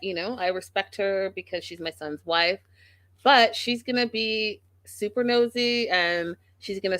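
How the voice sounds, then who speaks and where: A woman's voice: medium pitch, no room sound. A woman hosting a reality TV recap show, talking casually and acting out what the cast said. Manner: animated, acts out quotes of the cast.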